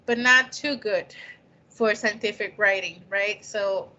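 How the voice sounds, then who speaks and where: A woman's voice: medium pitch, takes it slowly, bright, forceful tone. A woman whose first language is not English gives a conversational lecture on scientific writing, often checking in with "right?". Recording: dull lo-fi recording.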